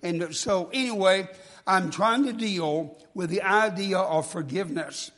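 Suffering from a cold, a male guest preacher sounds congested and coughs through a folksy sermon, often stumbling and restarting. His high-pitched, fairly bright voice keeps a measured pace, and the church sanctuary adds long reverb.

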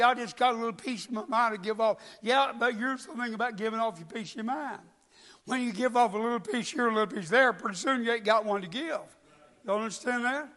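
A man's voice: very high voice, fairly bright tone. A male preacher, delivering a folksy sermon and asking the congregation questions. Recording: long hall reverb.

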